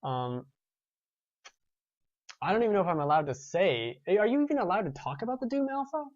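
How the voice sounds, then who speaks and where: A man's voice: sits high, very animated, a little fast, no echo, muffled recording. A man in his twenties hosting a gaming show, chatting casually and rambling with restarts while reading viewer comments. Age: 20s.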